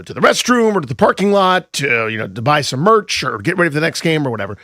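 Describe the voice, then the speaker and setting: A man's voice: on the high side, a bit bright, no echo, studio quality. A man co-hosting a radio show, telling a story in casual chat and acting out both sides of the conversation. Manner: storytelling, self-deprecating, acts out dialogue. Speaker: radio co-host. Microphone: studio microphone.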